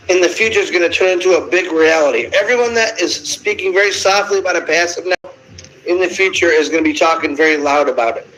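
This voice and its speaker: A man's voice: high-pitched, fairly bright tone, rough recording. A man on a casual group call, enthusiastic and teasing. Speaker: participant.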